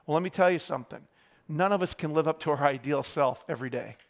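High-voiced man preaching a sermon. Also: fast, gravelly. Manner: candid, self-deprecating storytelling.

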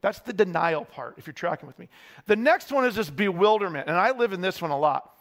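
A man's voice: high voice, expressive, fast, fairly bright tone. A man preaching a sermon, telling candid, self-deprecating stories to his congregation.

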